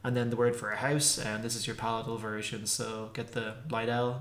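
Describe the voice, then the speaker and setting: A man gives a relaxed pronunciation lesson, repeating sounds over and over as he demonstrates them. His voice sits at an average pitch. The room is echoey. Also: fairly quick. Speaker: language teacher.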